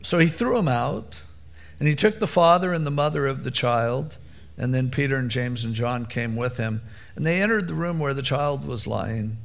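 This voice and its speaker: A man preaching a conversational sermon in a casual, animated way, acting out the people in the story. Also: mid-range voice, normal speed, creaky. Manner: casual, animated, acts out quotes.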